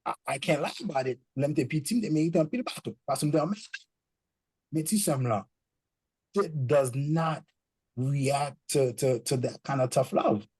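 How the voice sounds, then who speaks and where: This guest speaker chats casually, switching between languages and animatedly acting out lines from parents and children. His voice is medium-pitched, slightly rough, and at a normal speed, on a rough recording.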